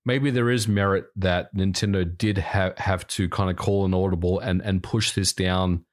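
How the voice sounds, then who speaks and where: A man speaks as a guest in a casual podcast chat, with a slightly low voice. He talks hesitantly and restarts his phrases as he works out his thoughts. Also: steady tone, normal speed. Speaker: game developer guest.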